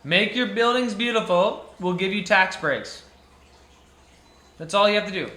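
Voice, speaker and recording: A man's voice: high-pitched, a little slow, pushed and bright, roomy sound. A young man, a jeweller, giving an impassioned monologue to camera, ranting with emphatic repetition and frequent restarts.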